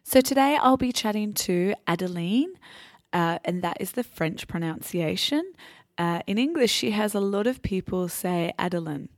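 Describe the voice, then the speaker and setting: A woman hosting a podcast, explaining things slowly and clearly for language learners. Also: medium pitch, lively intonation, dry recording, clean studio sound. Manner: slow, clear teacherly explaining. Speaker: podcast host.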